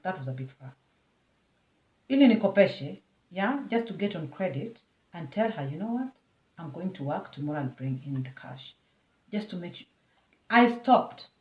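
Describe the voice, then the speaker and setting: A Kenyan woman recounts a personal story for her vlog, chatty and emphatic as she speaks straight to her viewers. The sound is thin and phone-like, and it rings in a roomy, echoing space. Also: mid-range voice. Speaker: vlogger.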